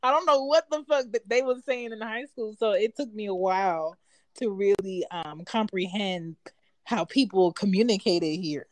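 A woman co-hosting a casual podcast chat, telling stories with lively quoted voices and frequent laughs. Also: mid-range voice, moderate pace, dry recording. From moved to Atlanta as a teen. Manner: animated storytelling, laughs often. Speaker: podcast co-host.

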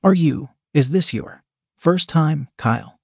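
A bold, teasing young woman from a read-aloud story, as a male narrator puts her on. The lines come soft and a touch lower, with no room sound at all. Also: expressive, takes it slowly, vocal fry, breathy edge, no echo, clean studio sound, exaggerated voice. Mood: tender.

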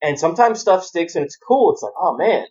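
A man's voice: high-pitched, animated, brisk, a little mellow. Man, casual chat, rambling profane storyteller, dull lo-fi sound. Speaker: podcast co-host.

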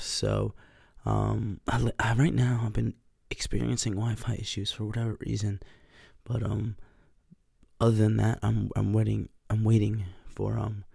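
A man's voice: lowish voice, creaky, mellow, husky, no echo, studio quality. A young man hosting a casual solo podcast, congested, rambling with fillers and swearing into a podcast mic. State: stuffed up, congested. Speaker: podcast host.

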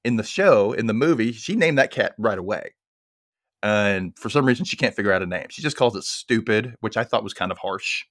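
A man hosting a casual podcast, chattily retelling a movie plot in a rambling, animated way. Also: fairly low pitch, brisk, no echo, clean studio sound. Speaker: podcast host.

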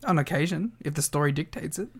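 An enthusiastic young man co-hosting a relaxed podcast, with a voice pitched a little higher than most men. He keeps the banter playful and gets audibly excited about the details. The talk stays loose and conversational. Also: fast, creaky, husky. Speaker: podcast co-host. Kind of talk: casual chat.

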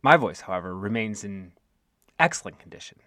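Dry-humored Midwestern man, lively pitch. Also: fairly quick, no room sound. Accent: Midwestern American. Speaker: podcast co-host. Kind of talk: casual podcast chat.

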